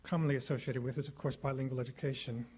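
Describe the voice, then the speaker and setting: A middle-aged man giving a formal public lecture at a podium microphone in a lecture hall, speaking in a measured, rhetorical way and repeating phrases for effect. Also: medium pitch, fairly even intonation, darkish tone, slightly rough. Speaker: guest lecturer.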